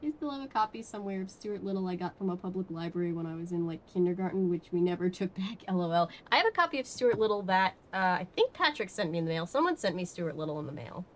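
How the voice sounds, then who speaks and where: A woman's voice: on the low side, sing-song, quick pace, hardly any pauses, slight background noise. A woman streaming from home, chatting casually and rambling with many fillers while she answers her chat. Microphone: webcam setup.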